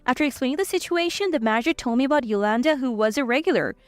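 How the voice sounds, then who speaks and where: Woman narrator for a scripted drama story, high and animated, dry close read. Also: very fast, no room sound, soft background music. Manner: lively, cold when retorting.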